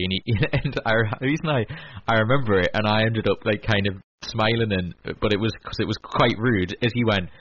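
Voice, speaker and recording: A male podcast co-host with a deeper, fairly bright voice talks fairly quickly in a loose, rambling way, full of fillers and restarts, during casual chat. The audio is muffled, like a lo-fi radio broadcast with faint hiss.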